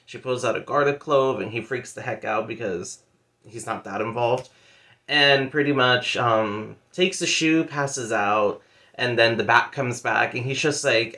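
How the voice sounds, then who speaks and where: This book vlogger's medium-pitched voice is bright and forceful, his pace a little slow. During a casual monthly reading wrap-up he retells a story loosely, full of fillers like "like" and "pretty much" and playful asides, in a chatty manner.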